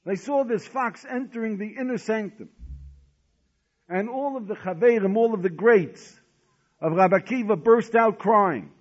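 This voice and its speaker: A man with a high-sitting voice, at normal speed, teaches a Talmud lesson in sermon form, telling stories dramatically and posing rhetorical questions. The recording is dull and lo-fi.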